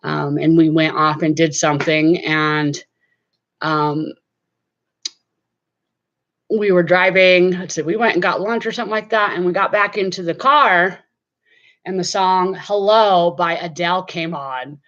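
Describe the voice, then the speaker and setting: A woman's voice: fairly low pitch, steady tone, unhurried, long pauses, a bit bright, highs cut off. A middle-aged woman chatting casually to camera from her home, rambling with many fillers. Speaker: vlogger.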